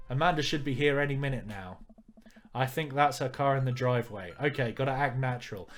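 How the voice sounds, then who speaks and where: A man's voice: mid-range voice, a little fast. A man reading a visual novel aloud and commenting on it with dry jokes. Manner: wry, joking asides. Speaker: let's player.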